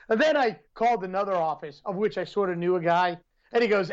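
A podcast co-host with a high voice talks quickly, spinning rambling stories in easygoing conversation and laughing a lot. The audio sounds dull.

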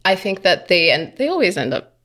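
A woman's voice: on the low side, big pitch swings, brisk, a bit bright. A woman co-hosting a podcast, talking casually in a blunt, provocative and teasing way. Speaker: podcast co-host. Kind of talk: casual chat.

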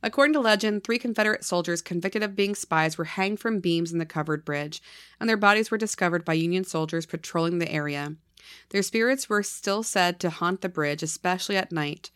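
A woman's voice: on the low side, fairly quick, clean tone, no room sound, clean studio sound. A woman, a podcast host whose voice is slightly scratchy from illness, chatting playfully and reading true ghost stories aloud. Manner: playful, laughs often, reads stories in a lively storytelling way.

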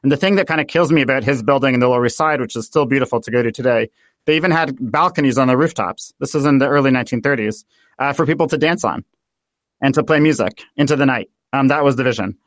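A man from the United States, a guest in a political interview, talking in an animated way and thinking aloud with many fillers. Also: medium pitch, fast, no room sound. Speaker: guest author.

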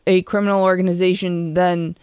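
A woman's voice: on the low side, level tone, fairly quick, a little mellow, clear, resonant tone, no room sound. A woman co-hosting a podcast in casual, amused chat. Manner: amused, chatty. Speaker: podcast co-host.

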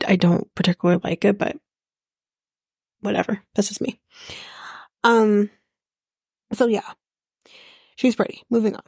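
Sarcastic woman host rambling through a TV recap, medium pitch, dry close mic sound. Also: a little mellow, no echo. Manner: rambling, sarcastic, and swears freely. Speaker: podcast host. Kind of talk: casual chatty reality TV recap.

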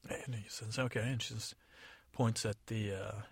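A man's voice: lowish voice, steady tone, unhurried, gravelly, slightly rough, dry recording. A man from the United States improvising a story in a casual, rambling, digressive way. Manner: rambling, digressive, many fillers. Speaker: podcast storyteller.

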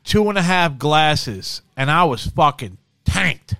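A man's voice: a little high, very animated, slow, sharp tone, smooth, no echo, clean studio sound. A man co-hosting a podcast in casual, profane chat, saying bro a lot. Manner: swears constantly, says bro a lot. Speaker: podcast co-host.

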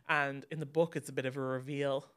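A woman's voice: extremely low pitch, steady tone, a little fast, fairly bright tone, clean tone. A woman co-hosting a film podcast in casual chat, with a dry, teasing, understated manner. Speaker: podcast co-host.

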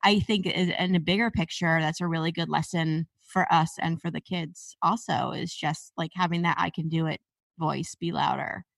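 A woman's voice: low-pitched, fairly even intonation, normal speed, gravelly, no echo. A woman hosting a podcast, chatting candidly and with self-deprecating humor. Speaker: podcast host. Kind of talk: casual podcast chat.

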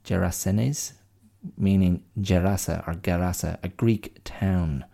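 A low, gravelly male voice with a dark, mellow tone. He hosts a podcast on his own in casual chat, rambling and musing as he thinks aloud. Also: fairly even intonation, measured pace. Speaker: podcast host.

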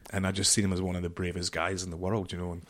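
A man's voice: sits low, monotone, rapid-fire. A middle-aged man telling a rambling, profane war story as a podcast guest, leaning on "you know" as he goes. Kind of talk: casual storytelling interview.

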